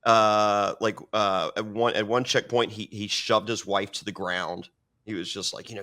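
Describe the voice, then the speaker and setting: A man's voice: lowish voice, fairly even intonation, normal speed, sharp tone. A man telling a story as an interview guest, swearing often and restarting his sentences. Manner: profane, rambling with many restarts.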